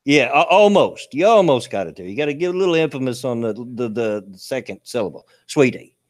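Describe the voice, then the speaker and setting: A man's voice: medium pitch, sing-song, a little fast. A man hosting a casual chat show, folksy and chatty, repeating his words. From American South. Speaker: host.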